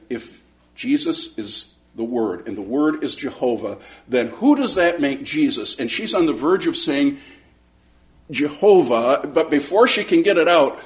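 Male Bible teacher, animated storyteller, voice sits a bit high and moves a lot, stammers into sentences. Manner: animated, repeats words when starting sentences. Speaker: Sunday school teacher.

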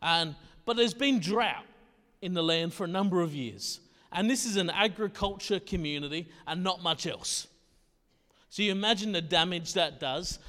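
Male pastor, high voice, chatty laid-back preaching, long hall echo. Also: bright, forceful tone. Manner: casual, conversational, often checks in with "right?". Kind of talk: sermon.

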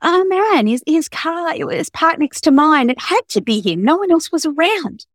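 A woman's voice: high-pitched, lively intonation, normal speed, no echo, studio quality, pitched above the performer's own voice. A woman reading aloud as a terrified young woman trapped in a car boot, stammering and breathless with panic. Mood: panicked.

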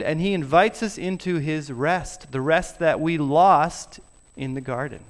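A man preaching a sermon in a church, earnest, dropping his voice softly on key words. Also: a little high, unhurried. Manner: earnest, drops to soft emphasis on key words. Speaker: pastor. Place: church sanctuary.

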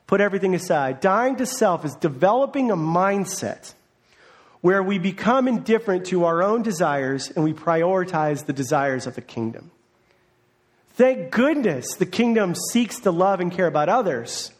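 A man's voice: high-pitched, animated, normal speed. A man, a parent, preaching a conversational sermon as a pastor, acting out the voices he quotes. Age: adult, parent of a young child.

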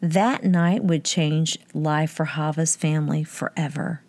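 A woman reading scripted documentary narration in a measured, even way. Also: sits low.

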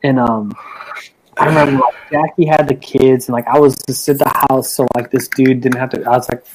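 A man's voice: mid-range voice, steady tone, brisk, darkish tone, breathy edge, poor audio. A man who is a teacher, chatting casually with friends, telling long rambling stories full of swearing and acted-out quotes. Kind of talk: casual chat among friends.

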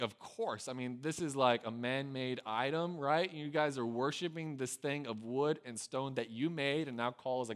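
A man preaching a casual storytelling sermon, conversational and peppered with "right?", who swings from loud acted lines to quiet, low asides. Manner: conversational, with a frequent tag "right?". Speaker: pastor.

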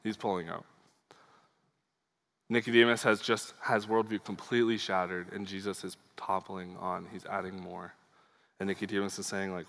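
A man's voice: deep voice, flat delivery, normal speed, gravelly, fairly bright tone. Earnest man preaching in a reverberant hall. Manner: earnest, conversational with fillers and asides. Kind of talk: sermon.

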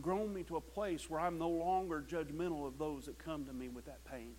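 Male pastor, high voice, impassioned sermon delivery that swings loud to hushed, repeats words when starting a phrase. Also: expressive, fairly quick, few pauses, slight background noise, low-quality recording.

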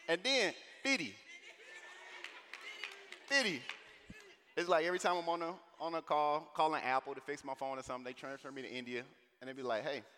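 A man from St. Louis with a St. Louis accent, speaking animatedly to a conference audience and calling them y'all. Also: fairly high pitch. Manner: animated, drawls and stretches sounds, addresses the crowd as y'all. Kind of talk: lively talk to a large audience. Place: large conference hall. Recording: long hall reverb, faint noise.

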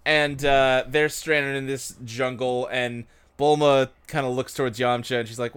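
A man co-hosting a casual podcast, recapping an episode in an animated, laughing way. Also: mid-range voice, measured pace, hardly any pauses, clean tone. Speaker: podcast co-host.

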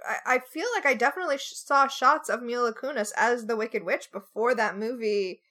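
Bright-voiced sarcastic woman chatting. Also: fairly high pitch, brisk. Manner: sarcastic, mock outrage. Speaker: podcast co-host. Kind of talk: casual chat.

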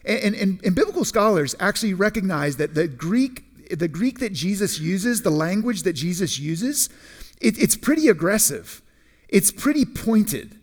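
A man preaching a sermon in a conversational way, often restarting and repeating words, and slowing down to stress key phrases. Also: sits high, expressive. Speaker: pastor.

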